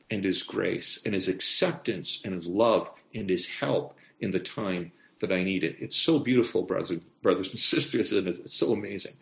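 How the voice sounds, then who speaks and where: A man's voice: lowish voice, vocal fry. A man preaching a sermon in a conversational way, repeating phrases and asking the listeners questions. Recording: echoey room.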